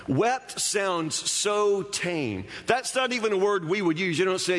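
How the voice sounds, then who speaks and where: A man's voice: high-pitched, lively intonation, a little slow, hardly any pauses, fairly bright tone, big-room sound, a little hiss or hum. A man preaching a sermon in a conversational, emphatic way, often stammering over restarts. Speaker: pastor.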